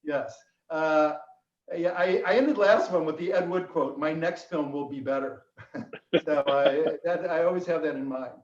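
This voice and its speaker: A man hosting a virtual roundtable over a video call, halting with many fillers and telling dry jokes. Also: a little high. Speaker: host. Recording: echoey room, far from mic, dull sound.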